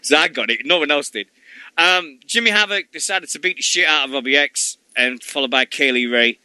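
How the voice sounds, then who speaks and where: A man's voice: fairly high pitch, sharp tone, no echo. A middle-aged man hosting a wrestling radio show, rambling and jokey in casual chat, swearing freely.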